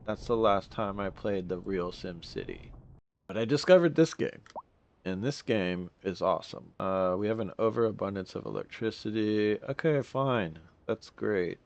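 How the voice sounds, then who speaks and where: A man's voice: on the low side, dull audio. A young man giving casual gameplay commentary, rambling and complaining in exasperation as he plays.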